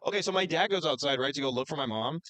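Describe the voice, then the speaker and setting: A young man hosting a podcast, telling a story in an animated, profane rant. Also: on the high side, racing, no echo. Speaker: podcast host. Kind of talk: casual storytelling chat.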